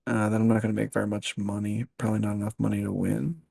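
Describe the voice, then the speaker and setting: A man's voice: on the low side, flat delivery, quick pace, vocal fry, a little mellow, slightly rough, no room sound. A man playing a board game, chatting casually and muttering to himself while counting.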